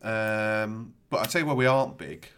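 A man's voice: on the low side, lively intonation, normal speed, a bit bright, smooth. A man co-hosting a casual podcast chat, dry and matter-of-fact. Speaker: podcast co-host.

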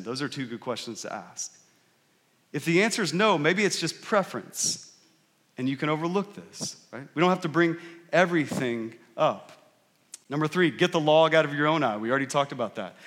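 An expressive pastor in his thirties, with a slightly high, fairly bright voice at normal speed, gives a conversational sermon. Long hall reverb surrounds him as he keeps asking the crowd "right?".

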